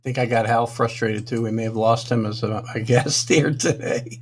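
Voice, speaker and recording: A man's voice: mid-range voice, steady tone, moderate pace. A man hosting a live sports talk stream, flustered and apologetic, muttering to himself while fighting technical trouble. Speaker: sports talk show host.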